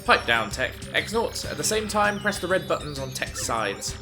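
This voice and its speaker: A man's voice: a little high, sing-song, normal speed, over music. A man voicing a pompous, cruel male villain leader who gloats and barks orders. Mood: gloating. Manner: gloating, commanding, loud.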